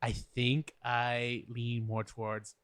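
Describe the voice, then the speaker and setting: A man co-hosting a casual podcast chat, animated and playful, peppering his talk with "like". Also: medium pitch, slow, smooth, no echo. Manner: animated, playful, frequent fillers like "like". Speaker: podcast co-host.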